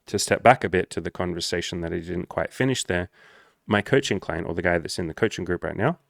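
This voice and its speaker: A man who works as a social skills coach talks straight to camera, blunt and profane, telling stories in an animated way. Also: low voice, gravelly, no echo, studio quality. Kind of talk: direct-to-camera monologue.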